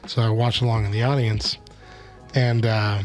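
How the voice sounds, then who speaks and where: A man with a strained, struggling voice co-hosts a live stream in easy, casual chat. He jokes and laughs a lot, now and then slipping into a slow, sultry radio voice. Faint music plays behind him. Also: on the low side, level tone. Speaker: co-host of a live stream show.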